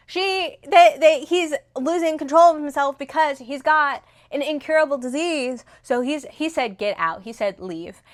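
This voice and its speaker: A young woman in casual, rambling chat, retelling a novel's plot with lots of fillers and restarts, recorded on a phone. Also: high-pitched. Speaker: book reviewer. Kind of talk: casual book review chat.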